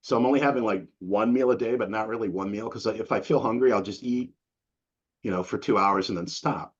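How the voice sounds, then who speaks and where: A man's voice: fairly low pitch, a little fast, husky. A middle-aged man as an interview guest, talking in a rambling, profane, casual way and saying "dude" a lot. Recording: dull lo-fi recording.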